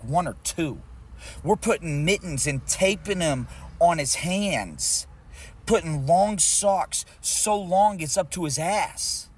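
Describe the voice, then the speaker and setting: Brief: swearing, scolding man in a parked car, slightly higher voice, faint road hum. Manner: blunt, scolding, swears a lot. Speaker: streamer. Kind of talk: heated casual argument. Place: inside a car.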